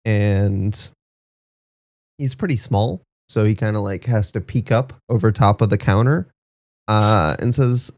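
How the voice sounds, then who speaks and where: A man's voice: on the low side, a little slow, darkish tone, dry recording. A man describing his character's actions in a casual, explanatory way during a tabletop game. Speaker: player.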